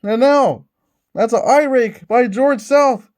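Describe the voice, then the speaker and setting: Man, wrestling play-by-play commentary, excited ring announcer, calls each move as it lands. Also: very high voice, takes it slowly. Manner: excited ring announcer, calling moves as they happen. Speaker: host playing a tabletop wrestling game.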